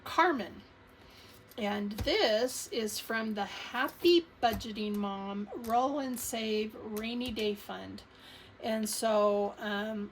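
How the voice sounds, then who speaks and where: Upbeat woman vlogger chatting slow about her savings, voice a bit high, some faint hiss behind. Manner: chatty, cheerful, counting money aloud with fillers. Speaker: budgeting channel host. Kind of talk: casual cash-stuffing vlog narration.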